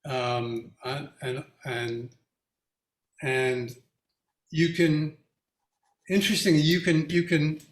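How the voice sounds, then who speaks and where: A featured artist with a voice on the high side and little pitch movement talks casually and reflectively to an audience, his words halting with many restarts. He laughs as he tells anecdotes. The recording is reverberant.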